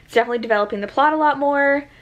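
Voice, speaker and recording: A woman's voice: high-pitched, racing, lo-fi sound. A young woman and teacher chatting casually at home in a reading vlog, enthusiastic and full of fillers. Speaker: book vlogger.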